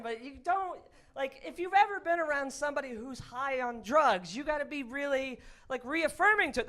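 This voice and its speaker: A man doing a stand-up comedy set, animated and often yelling in put-on voices. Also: extremely high pitch. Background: audience in a club.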